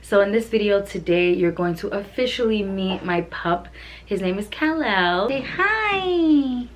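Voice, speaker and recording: A woman's voice: mid-range voice, normal speed, slight background noise. A woman vlogger chatting casually and gushingly, her speech full of "like" and "literally". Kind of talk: casual vlog chat.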